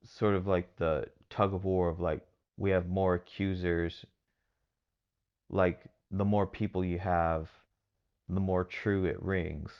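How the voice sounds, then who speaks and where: A man's voice: low-pitched, flat delivery, slow, clean tone, dull audio. A man from Texas hosting a podcast, giving rambling casual commentary with lots of fillers and hedges. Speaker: podcast host.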